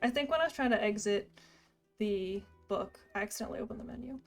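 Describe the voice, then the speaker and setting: A woman's voice: fairly high pitch, fast talker, soft background music. A young woman, chatting casually while streaming a game and thinking aloud. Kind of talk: casual let's-play commentary.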